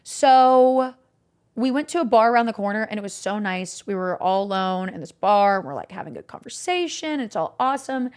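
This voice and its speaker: A woman's voice: medium pitch, animated, normal speed, smooth. A young adult woman streamer telling a story to her chat in a rambling, candid way, with lots of "like" fillers and casual swearing.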